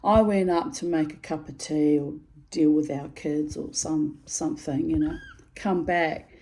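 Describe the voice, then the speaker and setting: A woman's voice: low-pitched, steady tone, measured pace, warm tone, rough recording. A middle-aged woman telling a personal story to camera in a frank, aggrieved way, swearing freely. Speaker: video storyteller.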